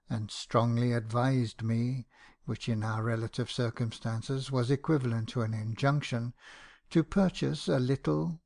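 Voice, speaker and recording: A man narrating a classic novel in the first person for an audiobook, reading in a measured, expressive way. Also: medium pitch, gravelly, no room sound, studio quality.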